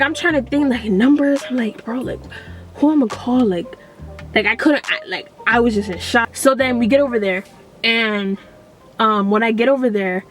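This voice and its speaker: A young woman vlogger telling a story in a rambling, animated way with many fillers. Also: a little high. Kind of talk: storytime vlog.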